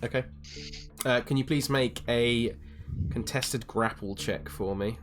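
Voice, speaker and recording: A man acting as dungeon master, narrating the scene and calling for rolls in a relaxed way. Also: medium pitch, a little slow, crowd noise. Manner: relaxed, explains rules and asks for checks. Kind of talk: narrating a tabletop game.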